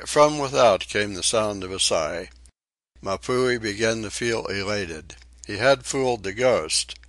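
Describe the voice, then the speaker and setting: A man reading a short story aloud in a measured, even storytelling way. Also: on the low side, no echo. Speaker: audiobook reader. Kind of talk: audiobook narration.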